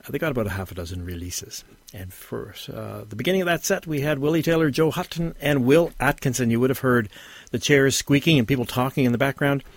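A man presenting a folk music radio show in a rambling, relaxed way, with many fillers and self-corrections. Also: mid-range voice, fast, no echo. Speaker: radio host.

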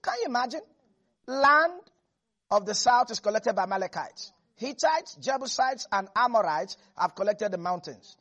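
A preacher delivering a lively sermon that swings between hushed asides and shouts. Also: medium pitch, moderate pace, highs cut off.

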